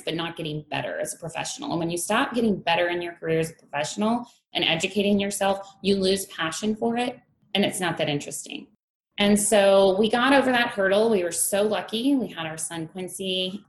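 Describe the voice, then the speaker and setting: Woman guest, 30s, lowish voice, candid storyteller, echoey room with faint hum; laughs easily. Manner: candid, laughs often, acts out her past thoughts. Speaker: strength coach, guest. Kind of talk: conversational interview storytelling.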